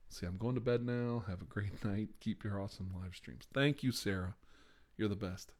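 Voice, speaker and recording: A man with a fairly low voice hosts a live ASMR stream, talking casually to his viewers. He rambles from one thing to the next, often breaking into laughs and sighs. He sits close to the mic. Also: normal speed, a little mellow.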